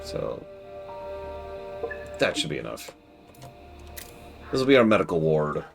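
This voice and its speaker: A low, gravelly man streaming a game, his pitch swinging widely as he talks. He teases the characters on screen with sarcastic, mock-dramatic asides. Faint music plays behind him. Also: sing-song, a little slow.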